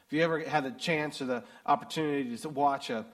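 American male pastor, middle-aged, high-ish voice, sermon with dramatic loud-soft swings. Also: fast talker. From United States. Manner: dramatic swings between loud emphasis and hushed reading.

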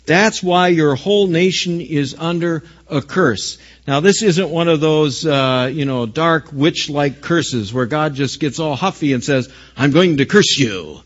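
A man's voice: a little high, unhurried, few pauses. Emphatic preaching man, dull lo-fi sound. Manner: emphatic preaching, rising loud on key phrases. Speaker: pastor. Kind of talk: sermon.

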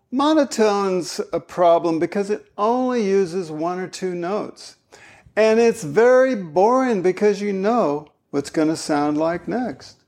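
A man giving a spoken lesson as a voice coach, animated and demonstrative. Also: sits high. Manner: animated, demonstrating vocal styles.

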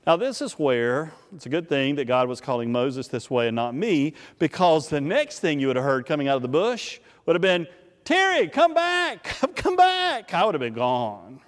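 A man preaching a sermon, telling a Bible story in an animated way and often repeating words as he restarts a thought. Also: mid-range voice, moderate pace, few pauses, in a large hall. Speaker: pastor.

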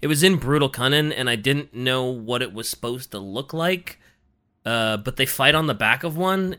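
A man's voice: medium pitch, moderate pace, bright, forceful tone, clear, resonant tone. A man co-hosting a casual podcast chat, reacting often with laughter and surprised swearing. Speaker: podcast co-host.

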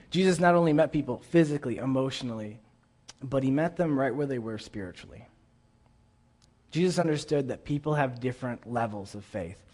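A man's voice: medium pitch, darkish tone. A man preaching a sermon in an earnest, conversational way, often repeating himself as he reads scripture aloud.

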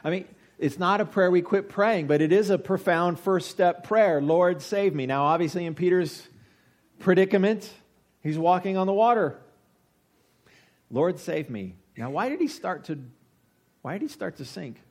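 A man's voice: sits high, animated, moderate pace. Conversational man preaching a sermon. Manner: conversational, swings between loud emphasis and quiet asides. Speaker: pastor.

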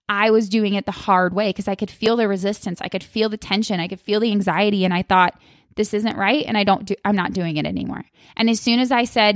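A woman's voice: a little high, fairly bright tone, no room sound, studio quality. A woman hosting a solo podcast, talking candidly and expressively to her listeners and acting out her own past thoughts. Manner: calls listeners "you guys", curses casually. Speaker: podcast host. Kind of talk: casual solo podcast talk.

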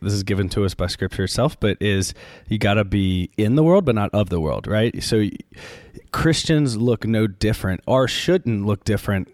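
Man, priest, lively storyteller, pitch leaps for quoted voices, dry close mic. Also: normal speed, dry recording. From Louisiana. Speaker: Catholic priest, podcaster. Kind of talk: casual interview conversation.

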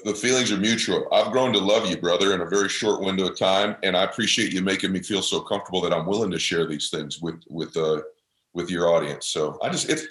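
A man's voice: low-pitched, fairly bright tone. Podcast guest, man, intense heartfelt motivational storyteller, some room echo. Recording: roomy echo.

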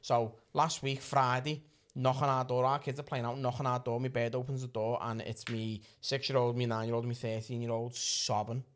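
A man, telling a rowdy story on a podcast, animated and breaking into shouting and laughter. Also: mid-range voice, normal speed. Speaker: podcast host.

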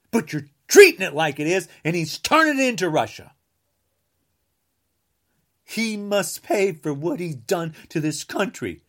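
A man from the United States, a podcaster, delivering an angry political rant, combative and repeating insults, sometimes bursting into shouts. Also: high voice, big pitch swings, a little slow.

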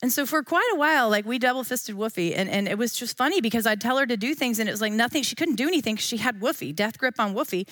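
A woman's voice: a little high, expressive, quick pace, few pauses, fairly bright tone, no echo. Woman in her 40s, Bible study teacher, chatty and playful, dry close sound. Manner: chatty and playful, with frequent asides.

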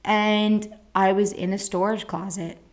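A woman's voice: mid-range voice, measured pace. A young woman hosting a podcast, telling a personal story in a blunt, casual way with a lot of swearing. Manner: blunt, frequent swearing, animated retelling. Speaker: podcast host.

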